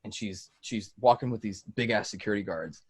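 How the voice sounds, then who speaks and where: A man's voice: lowish voice, fairly quick, slightly rough, dry recording. A man being interviewed as a music producer, telling stories loosely in casual podcast chat, with plenty of "like" and "dude" and free swearing. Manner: loose storytelling, swears freely, fillers like "like" and "dude".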